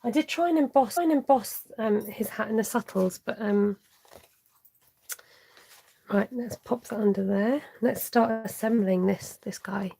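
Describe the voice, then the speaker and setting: Gravelly-voiced woman crafting live. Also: a little high, unhurried, dark tone. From United Kingdom. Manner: chatty, talks to herself while working, with muttered half-whispered asides. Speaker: card-making demonstrator. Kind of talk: live-streamed craft tutorial.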